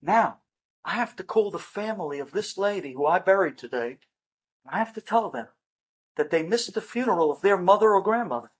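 A man doing a frantic, husky middle-aged son. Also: high voice, animated, a little fast. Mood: incredulous. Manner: exclaiming, incredulous questions.

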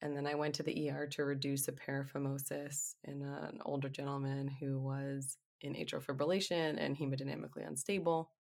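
A woman speaks in a deep voice with a gravelly rasp. She tells candid stories as a physician assistant on a podcast, animated and quick to laugh. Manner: animated, laughs often while telling stories. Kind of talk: candid storytelling interview.

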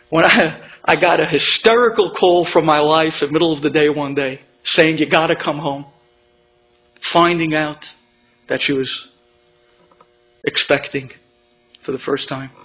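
Man, higher voice, emotional storyteller, dramatic pauses, dull lo-fi sound, mains hum. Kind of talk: inspirational personal story.

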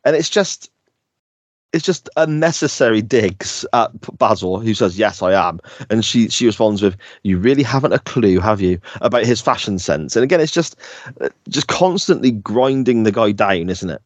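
Host, male, very low voice, dry close sound, rambling casual chat. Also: animated, normal speed, no room sound. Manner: rambling, retells scenes with hesitant restarts. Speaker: podcast host.

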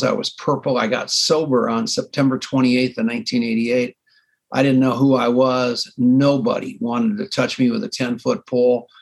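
An older man telling his own story on a podcast, self-mocking and acting out both sides of old conversations in a husky voice. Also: mid-range voice. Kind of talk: animated storytelling.

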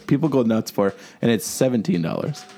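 A man's voice: medium pitch, expressive, moderate pace, dark tone. A man co-hosting a podcast in casual chat, rambling with frequent restarts and easy laughs. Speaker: podcast co-host.

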